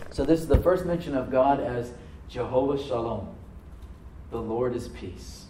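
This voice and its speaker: A man preaching to a congregation, reading scripture aloud and then dropping to a soft voice to stress a point, calling for responses from the room. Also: medium pitch, unhurried, reverberant, slight background noise, low-quality recording. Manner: asks the congregation to answer back. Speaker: pastor. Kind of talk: sermon. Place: church service with a live congregation.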